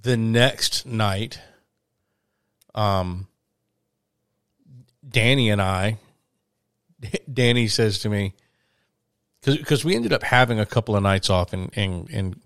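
A man's voice: fairly low pitch, takes it slowly, pauses often, fairly bright tone, smooth, no room sound, studio quality. Rambling man telling a travel story. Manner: rambling, frequent restarts and fillers. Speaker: podcast host, touring musician. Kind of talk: casual storytelling chat.

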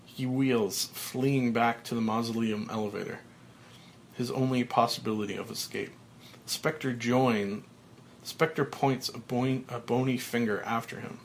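Man reading stage directions slowly. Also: medium pitch, steady tone, creaky, slight background noise. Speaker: podcaster. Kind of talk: reading a screenplay aloud.

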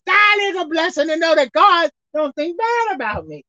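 Emphatic woman preacher, high and lively. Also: no room sound, lo-fi sound. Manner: emphatic, swinging from loud exhorting to quiet asides, slowing to read scripture. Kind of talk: sermon.

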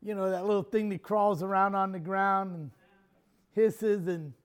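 High-voiced folksy preacher man. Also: fairly even intonation, unhurried, smooth. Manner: folksy storytelling, chuckling. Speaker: pastor. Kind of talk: sermon.

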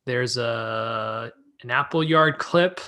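Bright-voiced man hosting a skate chat. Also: mid-range voice, drawn-out words. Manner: relaxed, jokey, reads from notes. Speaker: podcast host. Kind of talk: casual chat reviewing a skate video.

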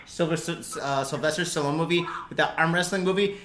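A man's voice: fairly high pitch, fast talker, few pauses, pushed and bright, reverberant, slight background noise. A man hosting a casual podcast chat who jokes, rambles, swears freely and laughs a lot. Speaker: podcast host.

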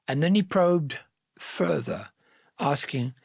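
A man narrating a Bible story in a slow, gentle, earnest reading style. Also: medium pitch, slightly rough, no room sound, clean studio sound.

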